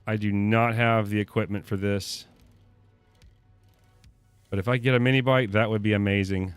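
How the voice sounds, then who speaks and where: While streaming a survival game live to his chat, the young man cusses and panics over faint game music. His fairly low voice is clear and resonant, with fairly even intonation at normal speed, on a dry recording.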